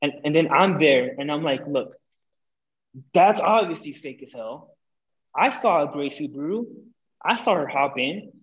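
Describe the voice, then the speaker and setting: Young male podcast guest, lively storyteller, highish voice, dull lo-fi sound. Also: a little slow, pauses often. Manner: animated, swearing, acts out quotes. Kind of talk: casual storytelling. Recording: dull lo-fi audio.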